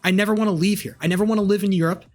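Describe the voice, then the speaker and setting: A man's voice: sits high, fairly even intonation, very fast, darkish tone, soft background music. A man streaming live, ranting combatively and profanely as he argues with chat. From United States. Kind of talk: live-stream political rant.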